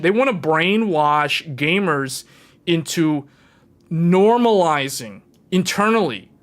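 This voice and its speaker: A man hosting a casual tech livestream, talking to his viewers in an animated, emphatic way and repeating his key points. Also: fairly high pitch.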